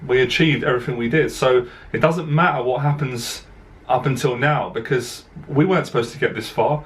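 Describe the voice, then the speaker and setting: A man, a dating coach, speaks straight to camera in a heartfelt monologue. He talks earnestly and directly, often repeating words as his voice catches. His voice sits at an ordinary middle pitch. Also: normal speed. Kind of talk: emotional personal monologue to camera.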